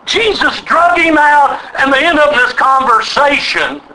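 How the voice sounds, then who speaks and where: A man's voice: very high voice, expressive, a little slow, sharp tone, a little hiss or hum, low-quality recording. A man preaching a sermon, acting out voices of God and Bible figures and leading the audience in call and response.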